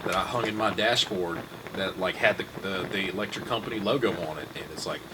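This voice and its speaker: A man co-hosting a casual chat, halting and repeating words. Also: deep voice, noisy background. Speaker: podcast co-host.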